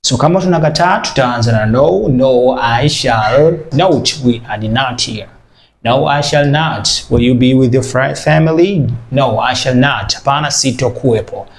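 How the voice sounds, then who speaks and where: Gravelly man teaching English. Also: mid-range voice. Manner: repeats example sentences slowly, then translates quickly. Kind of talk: bilingual language lesson.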